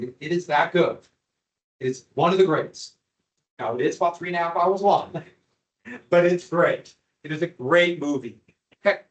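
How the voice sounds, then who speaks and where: A man's voice: fairly high pitch, rough recording. A man teaching a history class over maps and slides, chatty, with asides and rhetorical questions to his students.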